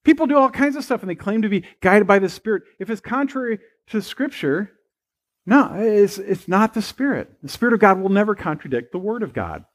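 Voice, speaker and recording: Casting: male pastor, high-pitched voice, chatty sermon with humorous asides. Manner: conversational preaching with anecdotes and humor. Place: church sanctuary.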